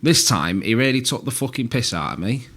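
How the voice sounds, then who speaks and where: Lively man telling sweary stories. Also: medium pitch, brisk. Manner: sweary, dry storyteller who laughs at his own tales. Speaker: podcast co-host. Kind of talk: casual banter and storytelling.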